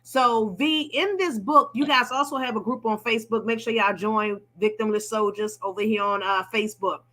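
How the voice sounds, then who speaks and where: A woman's voice: mid-range voice, fairly even intonation, moderate pace, fairly bright tone. A woman hosting a live panel talk, affirming her guests and explaining for viewers. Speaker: host.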